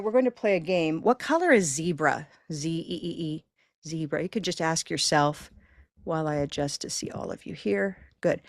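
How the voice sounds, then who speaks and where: A woman teaching pronunciation in a live online class, encouraging her students and stretching words out slowly to demonstrate the sounds. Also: deep voice, gravelly, no echo, studio quality. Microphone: video call.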